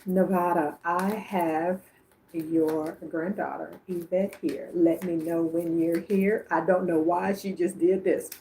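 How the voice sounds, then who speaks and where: A woman's voice: fairly low pitch, little pitch movement, takes it slowly, dark tone, slight background noise. A woman reading messages for viewers on a livestream, chatting and calling them by name. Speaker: psychic medium on a livestream.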